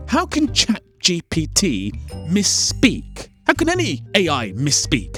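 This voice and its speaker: A man's voice: fairly high pitch, wildly swooping pitch, measured pace, a bit bright, soft background music. A man narrating a comedic film critique, firing off exasperated, incredulous questions. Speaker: film commentator.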